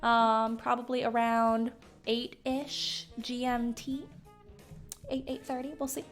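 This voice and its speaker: Excitable american gm lady, light southern twang, laughs a lot, soft music under her. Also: a little high, takes it slowly. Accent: light general Southern American. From Southern United States. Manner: bubbly, excitable, laughs often. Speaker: game master and stream host. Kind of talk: casual stream chat.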